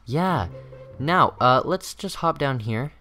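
A teenage boy hosting a gaming channel, rambling through casual gameplay commentary with lots of fillers and bursts of excitement. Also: medium pitch, slow, soft background music.

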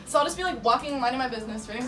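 A woman's voice: high voice, rapid-fire, a crowd in the background. A woman chatting casually in a chatty, giggly way. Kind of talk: casual chat. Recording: distant, echoey, music behind.

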